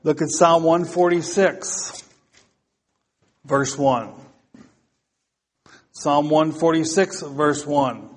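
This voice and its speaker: A man's voice: on the high side, extremely slow, pauses often. A man preaching a topical sermon, talking casually to his congregation and then reading psalms aloud with rising emphasis.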